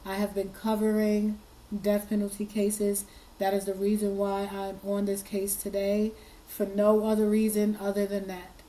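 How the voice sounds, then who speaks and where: A woman hosting an online commentary, speaking earnestly while hoarse and fighting back tears, often repeating her words. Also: medium pitch, monotone, moderate pace, dark tone, rough recording. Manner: earnest, choked up, repeats herself. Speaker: commentary channel host. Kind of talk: emotional commentary.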